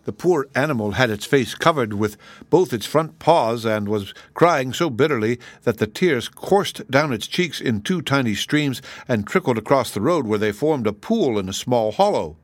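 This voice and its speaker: This audiobook narrator is a man whose medium-pitched voice moves at a normal pace, bringing expression to the story. No room sound can be heard.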